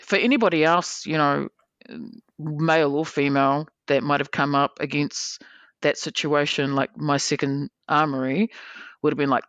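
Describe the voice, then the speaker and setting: Animated storytelling woman with a gravelly voice. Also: low-pitched, fairly quick, no room sound. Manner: animated, swearing freely, acting out quoted people. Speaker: podcast guest. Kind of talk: casual storytelling.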